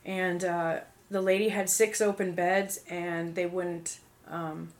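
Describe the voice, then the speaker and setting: A young woman, appearing as a guest, casually tells her personal testimony, full of fillers like "um" and "like" and animated, acted-out quotes. Her voice is lowish and her pace slow.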